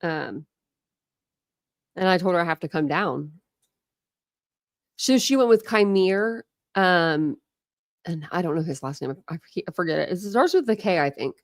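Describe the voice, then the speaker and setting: Middle-aged woman, chatty livestream host, gushing and rambling, low-pitched, dry recording. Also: lively intonation, moderate pace, pauses often, dry recording. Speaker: livestream host showing family photos. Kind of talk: casual livestream chat.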